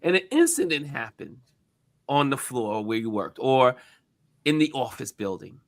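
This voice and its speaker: A man hosting a casual talk show, animated and emphatic, acting out quotes as he makes his points. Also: mid-range voice, normal speed, dry recording. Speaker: host.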